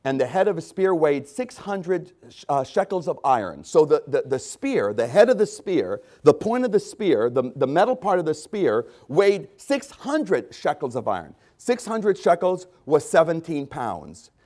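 Male preacher, slightly higher voice, animated delivery, clears throat often. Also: measured pace, few pauses. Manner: animated preaching, rising to loud urgent outbursts; frequent throat clearing and restarts. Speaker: pastor. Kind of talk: sermon.

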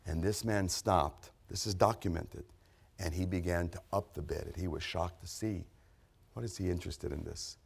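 Gravelly preacher man, low and rough. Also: moderate pace. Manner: builds from hushed storytelling to shouted, pleading altar call. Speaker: pastor. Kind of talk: sermon.

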